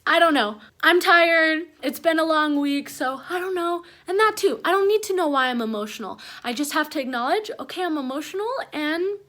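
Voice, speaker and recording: A woman's voice: high-pitched, expressive, fairly quick, hardly any pauses, bright, forceful tone. A young woman, a first-time mom, chatting to the camera at home in a rambling, emotional, heartfelt way. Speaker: mom vlogger. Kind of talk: casual chat to camera. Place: at home with her baby.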